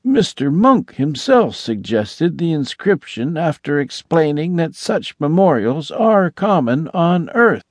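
A man voicing a polite, cheerful blue-skinned alien gentleman in an audiobook, speaking with mild, precise courtesy. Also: on the high side, sing-song, slow pace, few pauses, dry recording, clean studio sound, voice pushed up, exaggerated voice. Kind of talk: audiobook character voice.

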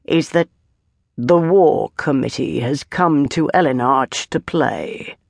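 A woman voicing a dapper, aging male legion valet in an audiobook, speaking quietly and knowingly. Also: sits low, moderate pace, no room sound, clean studio sound.

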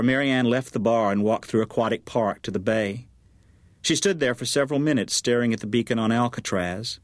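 A man narrating a novel as an audiobook, in an even, measured way. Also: lowish voice, no room sound. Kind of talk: scripted narration.

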